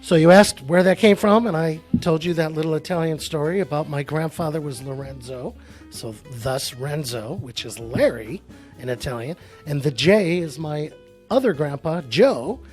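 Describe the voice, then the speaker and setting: A man from Buffalo, New York, guesting on a radio show, with a voice a bit high for a man. He talks with upbeat enthusiasm as he tells stories. Faint music sits under the broadcast. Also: moderate pace, a little mellow. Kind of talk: casual radio interview chat.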